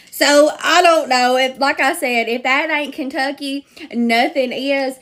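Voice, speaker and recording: A woman's voice: sits high, a little slow, fairly bright tone. A woman sharing a blunt personal opinion in a casual, chatty way, teasing and amused. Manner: chatty, teasing, laughs at herself.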